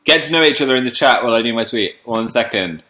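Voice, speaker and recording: A man's voice: medium pitch, animated, fast talker, sharp tone, roomy sound. A young man casually chatting on a livestream, greeting viewers by name, a little congested from a cold. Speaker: livestream host.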